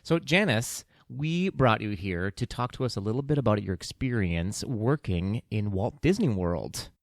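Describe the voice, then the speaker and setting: A man's voice: fairly low pitch, animated, moderate pace, creaky, no echo, studio quality. Wry, easygoing male podcast co-host. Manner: easygoing, wry one-liners. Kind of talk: casual chat.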